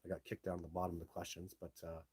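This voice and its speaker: Male live-stream host, low husky voice, blunt and brash, casual delivery. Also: completely flat delivery, racing, darkish tone, no echo. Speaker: live show host reading viewer comments. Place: home setup, speaking to a phone.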